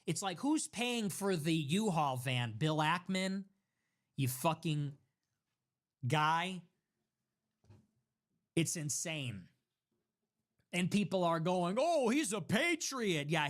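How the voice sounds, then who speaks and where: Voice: mid-range voice, a bit bright. A commentator ranting into the mic, angry and profane, swinging between scorn and sarcasm. The talk rambles with restarts and mocking asides. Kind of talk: ranting monologue.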